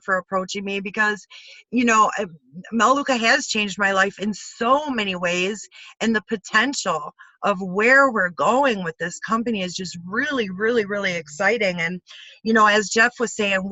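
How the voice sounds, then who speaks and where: Woman host, bright and forceful; enthusiastic motivational call, dull dry lo-fi audio. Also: mid-range voice, no echo. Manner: enthusiastic, exclamatory, animated quoting. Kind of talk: upbeat motivational talk.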